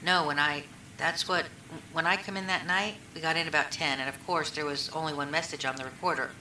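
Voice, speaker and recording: A woman with a low, bright-edged voice rambles through her answers, stacking up "I mean" and "you know" as she retells who said what. She sounds like an old recording made in an echoey room with a faint hiss behind her. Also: fairly even intonation, a little fast. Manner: rambling, retells conversations, many fillers. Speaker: witness being questioned. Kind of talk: recorded police interview.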